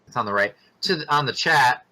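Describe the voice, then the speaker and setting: A man's voice: mid-range voice, animated, fairly quick, sharp tone. A man co-hosting a casual podcast chat, joking and teasing the others. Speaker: podcast co-host.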